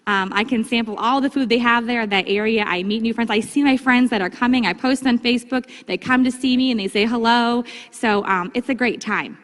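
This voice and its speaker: A woman giving a casual, upbeat training talk to her sales team, breaking into livelier, higher tones when she acts out chats with customers. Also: brisk, hardly any pauses. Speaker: direct sales consultant giving vendor training. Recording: long hall reverb.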